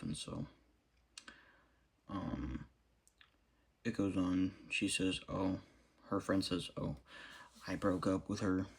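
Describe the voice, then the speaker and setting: A young man quietly recounting a personal story, halting with many fillers and restarts. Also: deep voice, gravelly, slightly rough. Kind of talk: storytelling monologue.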